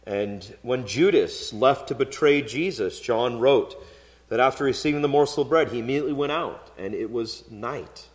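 A male pastor gives an expository sermon conversationally, weaving in stories and the occasional filler. His medium-pitched voice, at a moderate pace, carries a long hall reverb.

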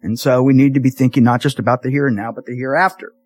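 A man's voice: medium pitch, fast, faint music behind. A man preaching a sermon as pastor in a church, telling jokey stories with lots of restarts. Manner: animated, jokey storytelling with many restarts. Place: church sanctuary.

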